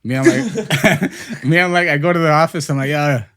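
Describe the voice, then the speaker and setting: A man on a podcast telling a high school story in casual, profane chat. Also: expressive, moderate pace, fairly bright tone. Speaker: podcast host.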